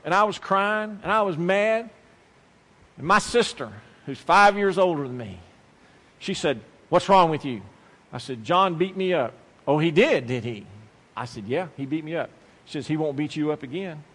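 A man's voice: high-pitched, normal speed, pauses often, a bit bright, long reverb tail. A man preaching a sermon, telling a childhood story with emphatic repetition and acted-out quotes.

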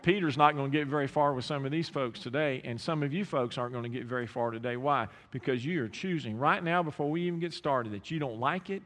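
High-voiced bright preacher in a reverberant hall. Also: male voice. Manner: preaching with rhetorical questions to the congregation. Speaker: pastor. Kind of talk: sermon. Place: church sanctuary.

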